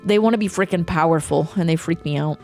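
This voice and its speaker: A young woman streamer chatting casually, ranting with profanity and reading chat aloud. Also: sits low. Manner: animated, profane, quick ranting with laughs. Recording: faint music behind.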